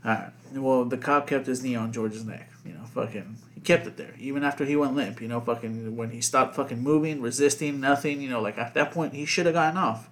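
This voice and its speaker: A man's voice: medium pitch, a little fast, hardly any pauses, fairly bright tone. A man co-hosting a casual podcast chat, rambling with lots of fillers and constant swearing. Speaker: podcast co-host.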